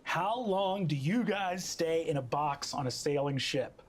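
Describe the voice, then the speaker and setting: A man narrating a tabletop game as game master, casual and halting. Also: fairly high pitch, lively intonation, slight background noise.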